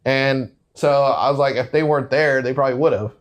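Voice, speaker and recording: A man's voice: mid-range voice, fairly quick. A man in his thirties, a Marine gunnery sergeant and podcast guest, telling casual stories with frequent laughter and quoted exchanges. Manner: laughs often, quotes people in short bursts. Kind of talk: casual interview storytelling.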